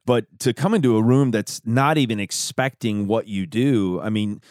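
A man's voice: fairly low pitch, moderate pace, a little mellow, no echo, clean studio sound. A man hosting a podcast who chats with his guest and swaps in his own stories. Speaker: podcast host. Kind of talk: conversational interview.

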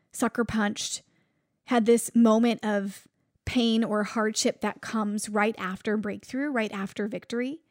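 A woman preacher with a slightly high voice talks through a Bible story in an easy, conversational way. She restarts sentences as she hunts for the right words. The recording is dry and close, with no room sound. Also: dry recording. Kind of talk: informal sermon.

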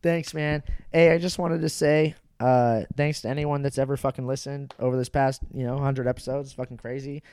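A young man hosting a casual podcast, crude and joking in a relaxed way. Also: medium pitch, a little fast, few pauses, smooth, no room sound. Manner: crude, joking, laid-back. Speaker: podcast host.

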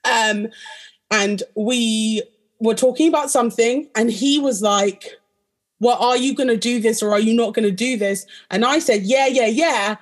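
A young woman with a fairly high voice tells a story on her casual chat podcast. She talks in an animated way and insists on finishing her point. She talks as a co-host among friends. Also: a little slow.

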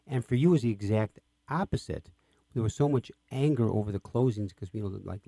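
Mellow low-voiced male interviewer. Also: brisk, no room sound. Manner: enthusiastic, prompting questions. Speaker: radio interview host. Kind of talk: interview conversation.

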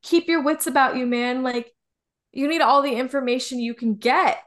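A woman with a fairly high voice co-hosts a casual TV recap podcast. She rants with heated emphasis, repeats herself for effect and swears freely. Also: normal speed, fairly bright tone. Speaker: podcast co-host.

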